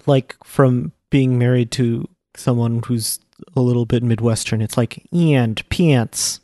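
A man co-hosting a casual podcast, musing and explaining in a relaxed way. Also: medium pitch, measured pace, dry recording, clean studio sound. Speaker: podcast co-host. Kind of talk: casual chat.

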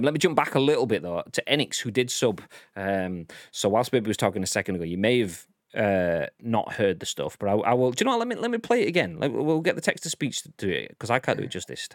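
A man's voice: fairly low pitch, dry recording, clean studio sound. A young man co-hosting a live stream, reading out chat and bantering in a rambling, playful way.

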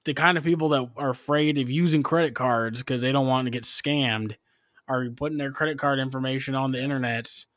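A man's voice: mid-range voice, fairly even intonation, fairly quick, fairly bright tone, no room sound, clean studio sound. A man in casual podcast chat, blunt and crude, often dismissive.

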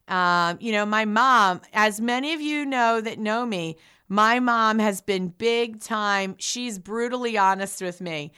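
A woman's voice: medium pitch, slow pace, few pauses, sharp tone, clean tone. A middle-aged woman hosting a radio show, delivering an upbeat, emphatic motivational talk.

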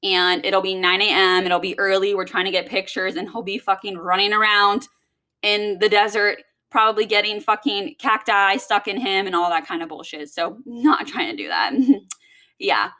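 Bright-voiced young woman venting. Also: medium pitch, normal speed. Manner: rambling and heavy on swearing. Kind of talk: casual venting monologue.

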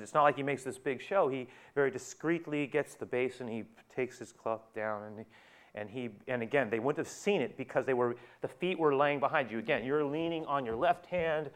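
This male preacher's voice sits at medium pitch, a bit bright and brisk. His sermon is conversational: he tells the story with animation, chuckles, and speaks directly to his listeners.

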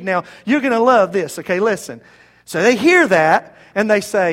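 A pastor preaches his sermon in a notably high-pitched male voice. He keeps it conversational but leans hard on key words. He often turns to address his listeners directly. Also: animated, moderate pace, fairly bright tone. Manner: conversational, emphatic preaching with direct appeals to the congregation.

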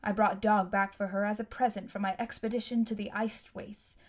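A woman reading aloud, voicing a kindly middle-aged male explorer with a gently teasing manner. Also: medium pitch, little pitch movement, brisk, lightly acted.

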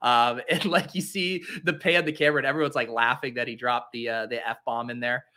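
A man's voice: mid-range voice, fairly even intonation, brisk, sharp tone. A man in his late twenties, a podcast host from the Boston area, giving casual live commentary, rambling, joking and breaking into theatrical, self-pitying rants.

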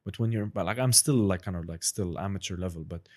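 A young man talks in a loose, rambling way, full of fillers and restarts. His voice sits on the low side for a man. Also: quick pace, a little mellow. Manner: rambling, many fillers and restarts, slips into playful impressions. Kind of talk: casual chat.

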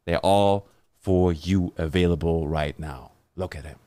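A man's voice: low-pitched, a little slow, warm tone, no echo. A man with a German accent hosting a live podcast, reading sponsor spots and chatting with a guest in an upbeat, hyping way. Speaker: podcast host. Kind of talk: live podcast chat and read ads.

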